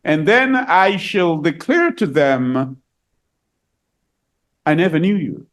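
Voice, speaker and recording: Animated high-voiced male preacher. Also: takes it slowly. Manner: reads scripture aloud and explains it, repeating key phrases; rises higher and louder for emphasis. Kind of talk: sermon.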